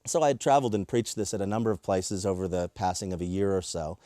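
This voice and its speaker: Man, preacher telling a story, mellow warm tone, dry close sound. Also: deep voice, fast, no echo. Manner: lively retelling with acted-out quotes. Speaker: preacher and workshop presenter. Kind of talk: personal storytelling for teaching.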